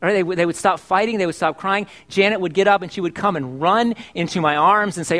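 High-voiced joking male pastor. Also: quick pace, few pauses, a bit bright. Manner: conversational and joking, asks the congregation questions. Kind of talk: sermon. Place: church service.

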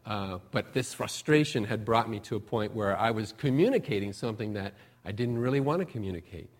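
This middle-aged pastor's sermon is conversational and packed with folksy personal stories, told in a lowish, expressive voice at a fairly quick pace. He leans up hard on key points and lets phrases soften and fade.

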